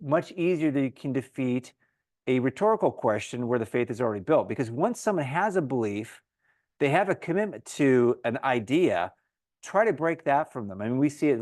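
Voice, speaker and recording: A man teaching a Bible study in a relaxed, conversational way, often acting out the crowd's voices in quotes. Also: medium pitch, dry recording, studio quality.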